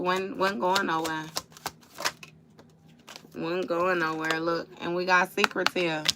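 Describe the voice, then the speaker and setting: A woman reads tarot live into her phone at home, blunt and profane, with a streetwise storytelling flow. Her voice sits low and gravelly with a bright, forceful edge. A faint hiss runs under it. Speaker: tarot reader. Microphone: phone or webcam for a livestream.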